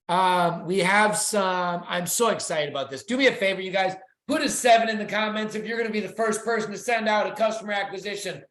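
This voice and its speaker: An excitable presenter giving a weekly company update in an enthusiastic sales-pitch manner, sharing slides over a video call. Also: roomy sound.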